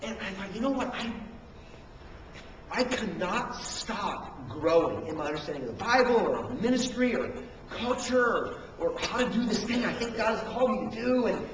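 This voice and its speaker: Expressive and high-voiced, the middle-aged pastor talks at normal speed, acting out small inner dialogues in a conversational sermon. The recording comes from a camcorder at the back of the church sanctuary, distant and echoey, with slight background noise.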